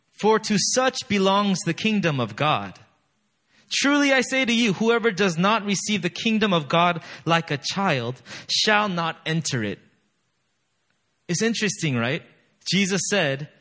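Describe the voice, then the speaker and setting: A man's voice: sits high, pushed and bright. A man preaching a sermon in a conversational way, reading scripture aloud with rising emphasis and using many fillers. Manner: frequent "you know" fillers. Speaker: pastor.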